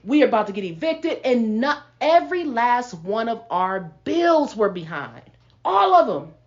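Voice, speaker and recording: Animated woman with a lively voice. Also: on the high side, moderate pace. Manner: animated storytelling, laughing often. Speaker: podcast host. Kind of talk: casual testimony chat. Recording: lo-fi sound.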